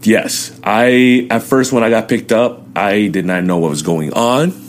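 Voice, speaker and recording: Deep-voiced young man telling his story. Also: a little slow, a little hiss or hum. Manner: animated storytelling, acting out quotes loudly. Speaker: interview guest.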